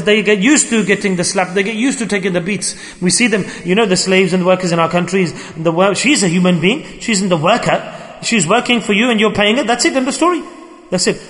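A man's voice: high voice, a bit bright. A man giving an emphatic sermon. He questions his listeners directly and calls for their answers. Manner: emphatic, questions the audience and demands call-and-response. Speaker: preacher. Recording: long hall reverb.

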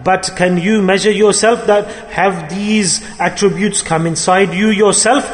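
High-voiced man preaching in a reverberant hall. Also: fairly even intonation, a little slow. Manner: impassioned, rises and falls in emphasis, quotes figures in his own voice. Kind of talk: sermon storytelling.

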